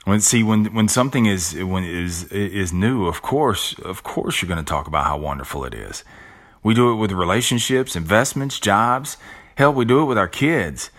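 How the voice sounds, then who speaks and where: A middle-aged man with a very low, deep voice talks through a motivational monologue as a podcast host. He speaks conversationally, often restarting and repeating words, with blunt and earthy asides. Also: animated, normal speed, fairly bright tone.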